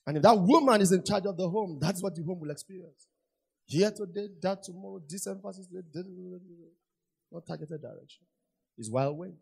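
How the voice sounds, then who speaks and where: High-voiced emphatic male preacher. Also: lively intonation, fairly quick, gravelly, a little mellow, slightly rough. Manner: repetitive, emphatic preaching with rhetorical questions. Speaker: pastor. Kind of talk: sermon.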